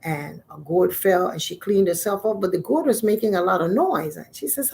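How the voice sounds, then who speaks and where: A middle-aged woman, a spiritual teacher, telling a folk myth in a conversational, expressive way. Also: lowish voice, normal speed, vocal fry, few pauses.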